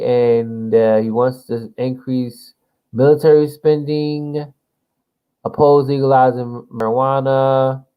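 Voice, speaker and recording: A man's voice: medium pitch, lo-fi sound. A young man from New Jersey, chatting loosely to himself while he plays a political simulation game and swearing casually. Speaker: gamer playing a political simulation. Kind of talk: casual gameplay commentary.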